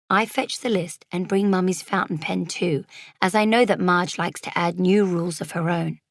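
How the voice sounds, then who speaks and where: Expressive woman reading a kids' story. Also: fairly low pitch, moderate pace, no room sound, clean studio sound. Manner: expressive, dropping to whispers for suspense. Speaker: audiobook narrator. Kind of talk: children's storybook narration in a young girl's first person.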